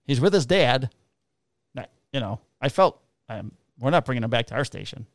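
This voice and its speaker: A man's voice: medium pitch, animated, moderate pace, creaky, no room sound, studio quality. A man, a police officer casually telling profane stories and acting out the dialogue. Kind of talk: casual storytelling chat.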